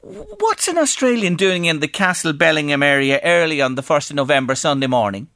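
An Irish man hosting a radio talk show, speaking in a gentle, earnest and emotional way. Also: fairly high pitch, very animated, brisk, no room sound, studio quality.

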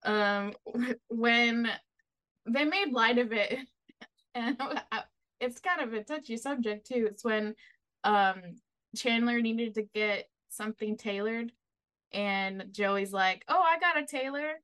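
A woman's voice: a little high, takes it slowly, fairly bright tone. A woman co-hosting a podcast, chatting casually in an easygoing, giggly way. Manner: easygoing, giggly, frequent agreement. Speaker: podcast co-host. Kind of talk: casual chat.

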